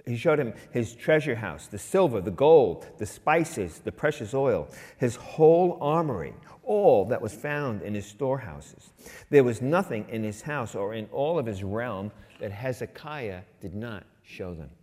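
A middle-aged male pastor preaching in a conversational way, with an average-pitched voice. He leans loud on key phrases and drops soft for asides. His voice trails off in a long hall reverb. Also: expressive, a little slow. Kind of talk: sermon.

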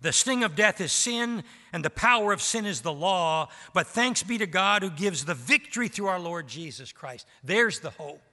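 A man's voice: sits high, lively intonation, moderate pace, hardly any pauses, pushed and bright. A man preaching a sermon as pastor, with rising emphasis and rhetorical questions to the congregation. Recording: reverberant hall.

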